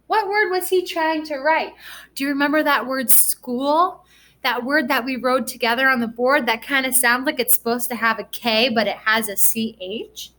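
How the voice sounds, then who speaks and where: This recorded reading lesson features a woman teaching first graders at a moderate pace in a high-pitched voice. She talks gently and poses encouraging questions to the kids.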